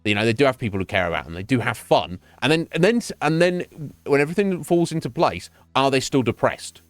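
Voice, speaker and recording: Livestreaming a game from his home streaming setup, a man rants in casual chat, swearing freely, repeating words and laughing often. His mid-range voice is animated and a little fast, with no echo.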